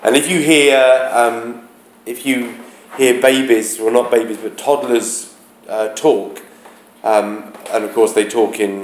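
A man teaching a class, talking haltingly, searching aloud for words and chanting rhythms to show them. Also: mid-range voice, fairly even intonation, a little hiss or hum. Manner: demonstrates rhythms by chanting beats. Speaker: English teacher. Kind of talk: classroom explanation of a play. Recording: roomy, echoey classroom.

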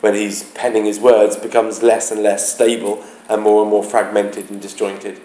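Low-voiced teacher in an echoey classroom. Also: male voice, level tone, mellow. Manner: halting, searches aloud for words; demonstrates rhythms by chanting beats. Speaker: English teacher. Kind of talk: classroom explanation of a play.

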